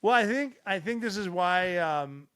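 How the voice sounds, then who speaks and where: A man's voice: high-pitched, unhurried, clean tone. A middle-aged man from Montana, a podcast guest telling stories in casual chat with plenty of swearing. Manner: profane, animated storyteller. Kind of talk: casual storytelling.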